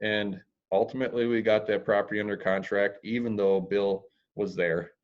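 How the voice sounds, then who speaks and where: A man's voice: fairly low pitch, steady tone, moderate pace. A man talking as a guest in an interview about real estate, plain-spoken and blunt, with dry humor and the odd crude word. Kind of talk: podcast interview. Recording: dull lo-fi audio.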